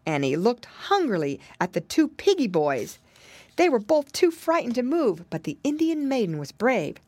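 A woman narrating a children's storybook as an audiobook, expressive and animated. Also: on the high side, a little slow, no room sound.

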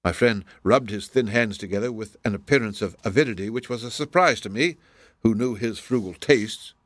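A man narrating a classic story in a formal, even storytelling manner on a close microphone. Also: on the low side, brisk, no echo. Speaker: audiobook narrator. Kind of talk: scripted narration.

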